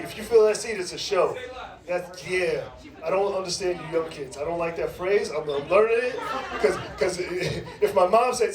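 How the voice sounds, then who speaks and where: Heard from far away, a middle-aged man with a high voice hosts stand-up in a big comedy club before a live audience. His crowd work is brash and profane, full of teasing, and the echoey room carries plenty of crowd noise.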